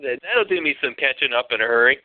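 A man's voice: medium pitch, expressive, fast, no room sound. A man hosting a radio show, telling a story in casual chat with lots of profanity and laughter. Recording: tinny phone-like radio audio.

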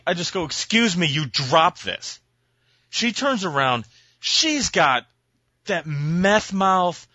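A man's voice: high-pitched, fairly bright tone, no room sound, highs cut off. A man co-hosting a casual podcast, telling an exasperated, profane story and acting out the voices in it. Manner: profane, exasperated, acts out voices in his stories. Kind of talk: casual chat, ranting storytelling.

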